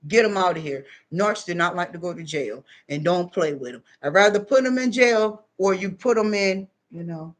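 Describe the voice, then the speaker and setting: A woman vlogger giving casual spiritual advice, preachy and animated, repeating phrases for emphasis. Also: fairly low pitch, moderate pace, few pauses.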